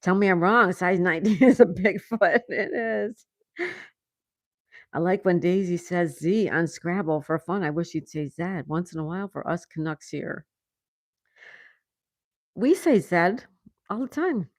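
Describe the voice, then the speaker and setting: A woman's voice: fairly low pitch, a little slow, long pauses, dry recording, studio quality. A woman hosting a casual livestream, reading viewer comments aloud and laughing often. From United States. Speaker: livestream host. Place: home in Florida.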